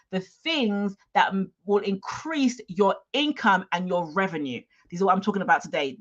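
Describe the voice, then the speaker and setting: A woman's voice: medium pitch, fairly bright tone. Woman business coach, livestream talk, punchy, keeps asking the audience "okay?", slightly muffled sound. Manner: emphatic, repeats "okay?" to the audience.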